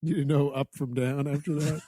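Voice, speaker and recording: A man co-hosting a movie review podcast, dropping deadpan quips into casual chat. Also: fairly high pitch, normal speed, no echo, studio quality. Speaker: podcast co-host.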